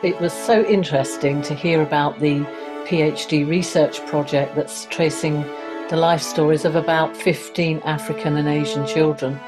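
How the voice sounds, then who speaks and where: A woman host gives upbeat closing remarks in a low voice while music plays clearly behind her. She thanks everyone with an enthusiastic tone.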